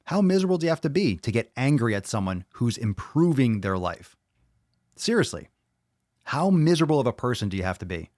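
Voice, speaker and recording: A man hosting a podcast, ranting angrily and mockingly with lots of swearing, jumping loud and high for emphasis. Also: sing-song, a little fast, dry recording, clean studio sound. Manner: profane, angry, mocking. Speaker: podcast host. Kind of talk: ranting solo commentary.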